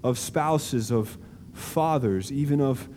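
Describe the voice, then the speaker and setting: A man preaching a sermon in a large auditorium, slow and deliberate with emphatic stresses and dramatic pauses. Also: medium pitch, mellow, long reverb tail, slight background noise. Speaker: pastor.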